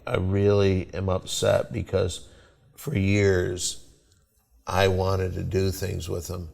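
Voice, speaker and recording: An older male comedian, a guest on a podcast, talking in a measured, reflective way. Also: low-pitched, monotone, gravelly, darkish tone, big-room sound. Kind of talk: casual chat.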